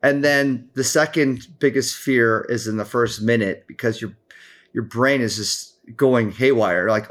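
Podcast guest, male, mid-pitched, rambling and animated, acts out quotes. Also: moderate pace. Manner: rambling, full of restarts and fillers. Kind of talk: casual chat.

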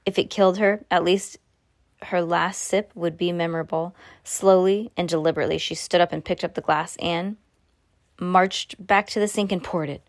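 A woman reads a novel aloud in a low voice, now and then tripping over a phrase and starting it again. The sound is dry and close to the mic, with no room around it. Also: fairly even intonation, normal speed, no echo. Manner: unpolished reading with frequent slips and restarts. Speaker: reader.

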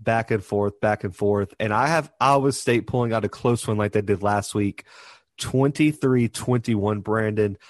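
A man co-hosting a sports podcast, chatting casually in an animated, teasing way and laughing often. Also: fairly low pitch, no echo. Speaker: podcast co-host.

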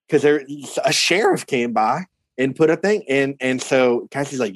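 A man retelling a mishap on a podcast, laughing as he goes and cursing freely. His voice sits in a middle pitch. The sound is dry and close. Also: moderate pace, dry recording. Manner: laughing, animated retelling, profane. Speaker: podcast co-host. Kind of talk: casual chat, storytelling.

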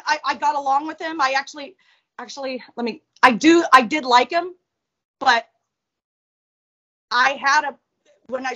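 A woman with a high voice tells a personal story in a casual interview. She is blunt and profane, with plenty of animation. The recording sounds a little muffled. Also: fairly bright tone. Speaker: interview guest.

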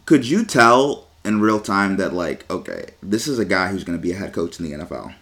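A man's voice: low-pitched, animated, brisk, fairly bright tone. A man hosting a casual interview, asking short, laid-back questions.

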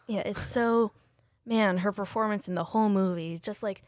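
A woman's voice: mid-range voice, normal speed, no room sound, studio quality. A woman co-hosting a casual film chat, blunt and opinionated with playful exaggeration.

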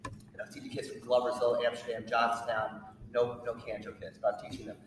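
A male teacher telling a personal story to an audience, animated and acting out what people said. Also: medium pitch, brisk. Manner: animated storyteller, acts out quotes. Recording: echoey hall, distant mic, faint noise.

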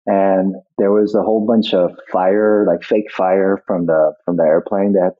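A man's voice: deep voice, fairly even intonation, measured pace. A middle-aged man, a guest actor, reminiscing in a casual interview, rambling and reflective with many restarts. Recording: tinny phone-like line.

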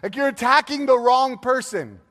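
Lively high-voiced preacher in a reverberant hall. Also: male voice, moderate pace. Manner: lively, laughing storyteller acting out quotes. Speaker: pastor. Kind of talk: sermon.

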